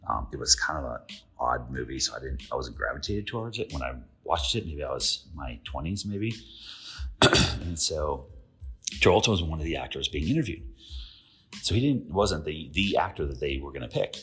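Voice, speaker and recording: A man with an extremely low, husky voice hosts a podcast. He retells stories in a relaxed, conversational way, acts out quoted dialogue and asks the listener questions. Faint music plays underneath. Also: moderate pace. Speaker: podcast host. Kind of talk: casual storytelling monologue.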